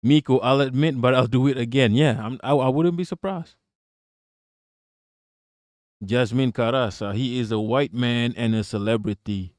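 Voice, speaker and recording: Casually commenting on news during a live stream, a man swears freely, answers chat and keeps up a sarcastic edge. His medium-pitched, slightly mellow voice moves at normal speed with frequent pauses, in a dry, clean studio recording.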